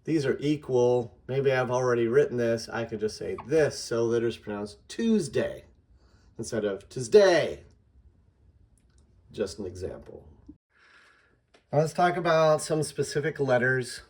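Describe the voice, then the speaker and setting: A man patiently explaining a method in an instructional lesson, slowing down to sound out example words. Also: medium pitch. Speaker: teacher.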